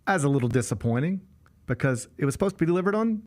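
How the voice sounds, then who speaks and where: A man's voice: a little high, quick pace. A man hosting a show, telling an exasperated story in casual chat and acting out the people in it. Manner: animated, exasperated, acts out the people in his stories. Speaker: show host.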